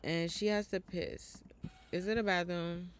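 A woman's voice: on the low side, a little slow, a little hiss or hum. A woman streamer, commenting on a game in a casual, profane way and talking to her viewers. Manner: profane, animated, talks to viewers. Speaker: gaming streamer. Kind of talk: casual let's play commentary.

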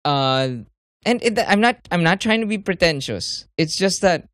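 A man with a Filipino accent co-hosts a casual podcast, rambling and joking as he switches between English and Filipino. His pitch rises and falls animatedly, and the recording is close and dry. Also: expressive, normal speed, fairly bright tone, no echo. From Philippines. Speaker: podcast co-host. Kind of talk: casual chat.

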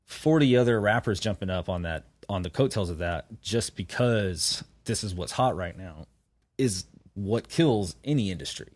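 Guest musician, deep-ish voice, dry close mic, talks in animated bursts, lots of restarts. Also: male voice, moderate pace, dry recording. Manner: animated, opinionated riffing with many restarts. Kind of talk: casual podcast chat.

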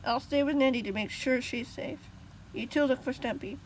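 A woman voicing a calm, protective young male friend in a storybook reading, speaking casually. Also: sits high, normal speed, a little hiss or hum, close to an everyday voice. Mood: reassuring. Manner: casual, reassuring.

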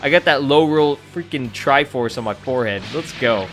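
A young man giving excitable, profanity-laced commentary over his gameplay, laughing often. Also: mid-range voice, a little fast, few pauses, over music. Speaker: gaming YouTuber.

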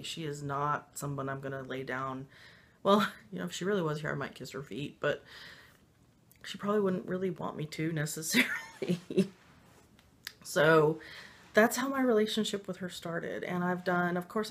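A woman's voice: fairly low pitch, moderate pace. A woman casually telling a personal spiritual story, rambling with many fillers and little laughs, emotional and confiding. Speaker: spiritual vlogger.

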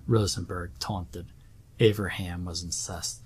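A man reading a horror story as a slow and deliberate scripted narration. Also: sits low, fairly even intonation, slight background noise.

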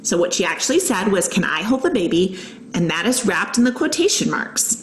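A woman's voice: medium pitch, big pitch swings, a little fast, reverberant, a little hiss or hum, poor audio. A woman teacher patiently walking young students through a writing lesson, explaining each step and reading example sentences aloud. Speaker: elementary school teacher. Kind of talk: recorded online lesson.

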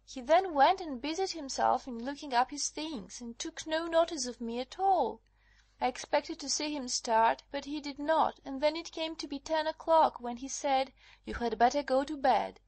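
A woman's voice: high-pitched, normal speed, dry recording. A woman voicing a frightened young wife who talks breathlessly and urgently in a dramatized audiobook.

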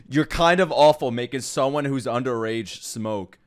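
A man hosting an anime reaction video in casual commentary, swinging between loud outbursts and hushed murmurs. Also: medium pitch, unhurried. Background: faint anime soundtrack music.

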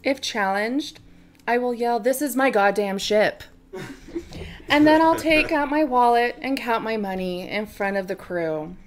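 A woman's voice: a little high, expressive, measured pace, a little hiss or hum, pitched above the performer's own voice. A woman playing a boastful, creepy rich old ship owner while introducing her board game character. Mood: smug. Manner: boastful, laughs through a half-closed mouth.

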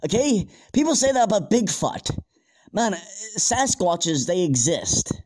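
A man's voice: sits high, very animated, measured pace, darkish tone, exaggerated voice. A young man playing a panicky amateur scientist in an amateur audio drama, stammering and swearing as he talks. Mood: frantic.

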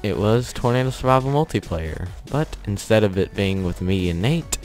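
A man's voice: lowish voice, animated, normal speed, darkish tone, faint music behind. A young man hosting a gaming channel, telling a story in a rambling, offhand way with chuckles while he plays. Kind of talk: casual commentary over gameplay.

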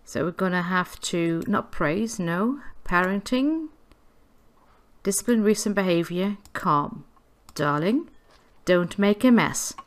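A woman's voice: lowish voice, lively intonation, takes it slowly. Giggly woman narrating gameplay. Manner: chatty, giggly, coos at game characters. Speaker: gameplay video creator. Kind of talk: casual gameplay commentary.

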